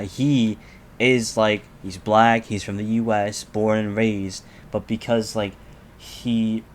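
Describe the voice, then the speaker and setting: A man's voice: on the low side, slight background noise. A young man, co-hosting a podcast, chatting in an easygoing way and explaining things with filler words. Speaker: podcast co-host. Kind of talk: casual podcast chat.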